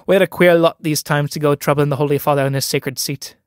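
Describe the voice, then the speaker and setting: A man's voice: fairly high pitch, steady tone, a little fast, smooth, dry recording, studio quality, close to an everyday voice. A man voicing a scornful young tavern girl. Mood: scornful teasing. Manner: teasing, impatient, scornful.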